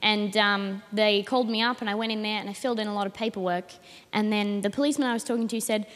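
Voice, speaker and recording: A nineteen-year-old Australian woman doing a deadpan stand-up set on a comedy stage. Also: fast, few pauses. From Australia (Adelaide). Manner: deadpan, with sudden high shrill rants. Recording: reverberant hall, faint noise.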